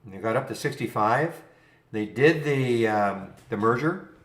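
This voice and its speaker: A man's voice: mid-range voice, animated, a little slow, a bit bright. A man hosting a live trading stream, thinking aloud in a rambling, chuckling, casual way. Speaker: trading room host. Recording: roomy echo.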